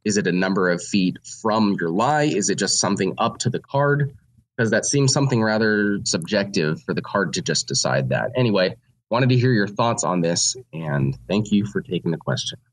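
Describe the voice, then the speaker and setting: A man's voice: on the low side, animated, moderate pace. A man with a sick voice, a listener asking a question in a recorded message and explaining it step by step.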